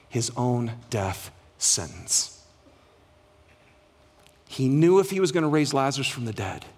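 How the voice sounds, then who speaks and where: A male pastor delivering a sermon, rising to loud cries and dropping to hushed, quiet lines. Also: slightly rough. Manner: dynamic preaching, swings from loud cries to hushed lows.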